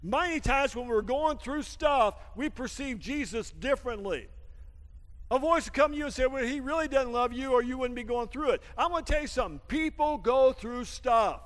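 High-voiced, animated preaching man. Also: normal speed, in a large hall. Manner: animated, laughing often, swinging from shouts to near-whispers; folksy, calls everyone "man". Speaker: pastor. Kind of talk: sermon.

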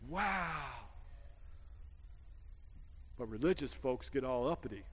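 A pastor preaches slowly during a service in a church sanctuary, his mid-range voice lively in intonation and breathy at the edges. He exhorts his congregation with frequent amens and call-and-response. The recording carries long hall reverb with music in the background.

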